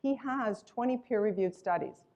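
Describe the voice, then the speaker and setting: A woman's voice: mid-range voice, lively intonation, moderate pace, creaky, a little mellow, lo-fi sound. A woman giving an enthusiastic, emphatic sales presentation about her company's products. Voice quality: acts out voices when retelling a story.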